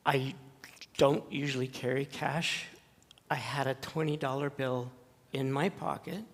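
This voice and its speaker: A male pastor preaching a sermon, telling a story slowly and earnestly with dramatic pauses. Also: medium pitch, level tone. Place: church sanctuary. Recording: long church reverb.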